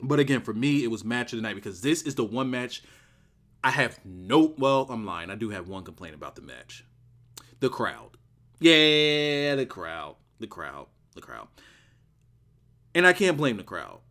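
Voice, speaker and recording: Male reviewer, mid-pitched, casual solo talk, excitable, rambling, hammers words through repetition. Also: a little fast. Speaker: wrestling show reviewer.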